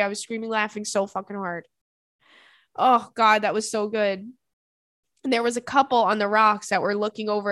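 A woman hosting a podcast, telling a story in casual chat, animated, laughing often and swearing freely. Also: medium pitch, no room sound, studio quality. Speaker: podcast host.

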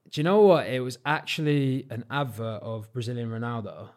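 A young English man from Cornwall, with no Cornish accent, chatting as an interview guest in a relaxed, modest way full of fillers. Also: mid-range voice, brisk. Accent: English, not Cornish. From Cornwall, England. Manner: relaxed, modest, lots of fillers like "like" and "you know". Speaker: guest, freestyle football champion. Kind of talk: casual interview chat.

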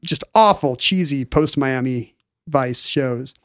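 A man's voice: medium pitch, takes it slowly, fairly bright tone, dry recording. Rambling, joking man on a dry mic. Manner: rambling, self-interrupting, joking. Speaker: podcast co-host. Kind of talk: casual chat.

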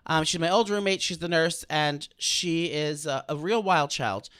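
A man's voice: fairly high pitch, unhurried, a bit bright, clear, resonant tone, no echo, studio quality. A man co-hosting a comedy podcast, rambling and joking crudely with his guests, hungover. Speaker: podcast co-host. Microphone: studio microphone.

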